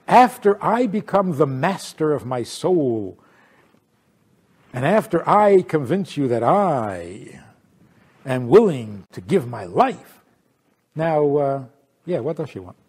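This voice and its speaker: Husky, animated man giving a lecture. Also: a little high, takes it slowly, long pauses. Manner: teasing, full of rhetorical questions. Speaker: rabbi teaching. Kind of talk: lively lecture.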